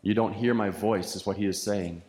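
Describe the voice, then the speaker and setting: A pastor preaching a sermon with an earnest, repetitive preaching cadence, heard in a church sanctuary. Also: male voice, on the low side, steady tone, normal speed, darkish tone. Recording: echoey church hall with long reverb.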